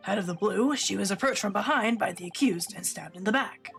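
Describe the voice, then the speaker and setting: A woman voicing a gruff middle-aged male police inspector in a video game, with a rough chain-smoker rasp and a formal, officious way of reporting. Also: mid-range voice, brisk, fairly bright tone, soft background music. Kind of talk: voicing a game character on stream.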